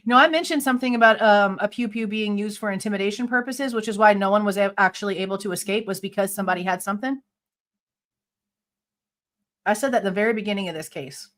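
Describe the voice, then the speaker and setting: A woman's voice: mid-range voice, quick pace, fairly bright tone. A woman hosting a live true crime reaction show, reading a police report aloud and bluntly arguing with it, swearing casually and sounding exasperated. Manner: blunt, exasperated, sharply skeptical; reads report lines aloud, then argues back at them.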